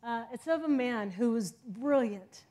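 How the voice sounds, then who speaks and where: A middle-aged woman preaching a sermon with passion, moving from loud exhortation to hushed intensity. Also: a little high, lively intonation, unhurried. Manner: impassioned, swings from loud exhortation to soft intensity.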